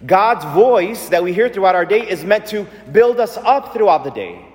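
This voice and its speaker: A man preaching a sermon in a conversational, animated way, asking his listeners questions. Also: sits high, moderate pace. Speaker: priest. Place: church. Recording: long church reverb.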